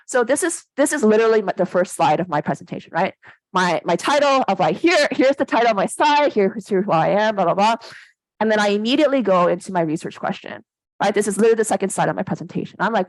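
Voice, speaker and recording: A woman giving a casual, animated workshop lecture, often checking in with "right?". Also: mid-range voice, quick pace, no room sound, low-quality recording. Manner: animated, conversational, keeps asking "right?". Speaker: academic workshop presenter.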